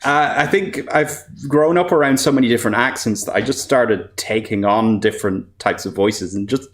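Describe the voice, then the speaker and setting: A man, a composer and voice actor, giving a casual presentation at a developer meetup, relaxed and self-deprecating, often laughing. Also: medium pitch, normal speed.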